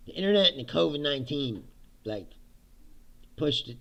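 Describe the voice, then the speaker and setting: Gravelly, laughing man ranting on a livestream. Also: a little high, animated, normal speed, pushed and bright. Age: middle-aged. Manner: sarcastic, laughs often, swears, mimics others. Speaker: livestream host. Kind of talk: casual political commentary livestream.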